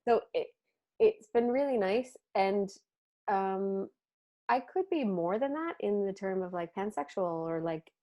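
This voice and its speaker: Woman from Canada, podcast guest, casual chat, animated storyteller, mid-range voice. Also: mid-range voice, a little slow, highs cut off. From Ontario, Canada. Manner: animated storyteller who acts out quotes, swears casually.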